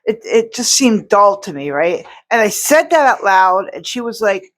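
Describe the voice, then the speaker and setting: A woman's voice: mid-range voice, big pitch swings, moderate pace. Rambling chatty woman vlogging at home. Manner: rambling, chatty, many restarts and fillers. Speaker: outsider artist vlogger. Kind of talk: casual chat to camera.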